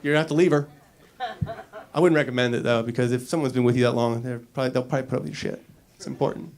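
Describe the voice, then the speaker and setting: A man at a comedy club rattles through his set very quickly in a medium-pitched voice. He plays out small scenes with lots of energy, slipping into goofy voices for the characters.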